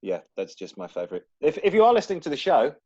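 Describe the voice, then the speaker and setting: A man's voice: fairly high pitch, rapid-fire, dry recording, dull audio. A man co-hosting a casual car podcast, reading listener emails with jokey asides. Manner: jokey, animated, throws in quips and silly asides. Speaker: podcast co-host.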